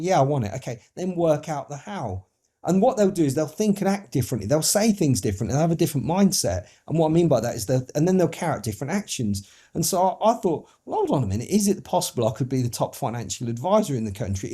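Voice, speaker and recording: A man's voice: fairly high pitch, slightly rough. A man from the United Kingdom, a podcast guest, telling stories animatedly, acting out other voices and swearing casually. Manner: animated storytelling, acts out voices. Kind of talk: podcast interview.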